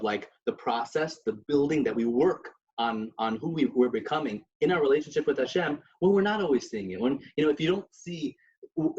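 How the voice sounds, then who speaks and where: A man's voice: medium pitch, a little mellow. Man in a dull lo-fi recording. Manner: storytelling with many restarts and Yiddish terms. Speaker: podcast co-host. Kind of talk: casual religious discussion.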